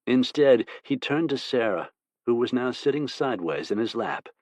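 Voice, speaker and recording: A man narrating an audiobook in a steady, measured way. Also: mid-range voice, no room sound.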